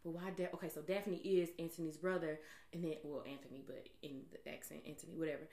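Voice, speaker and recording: A woman hosting a casual chat, animated and quick to laugh and exclaim. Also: deep voice. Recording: echoey room.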